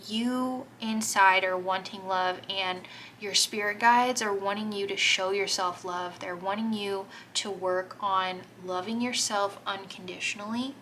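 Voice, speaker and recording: A woman giving a gentle, encouraging tarot reading to her viewers, gushing over the cards as she turns them. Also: medium pitch, steady tone, a little slow, slight background noise, low-quality recording. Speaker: tarot reader.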